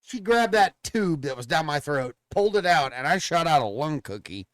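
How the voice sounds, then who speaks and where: A man's voice: on the high side, sing-song, moderate pace, fairly bright tone, no room sound. A man telling a crude hospital story in casual podcast chat, acting out what people said. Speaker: podcast co-host.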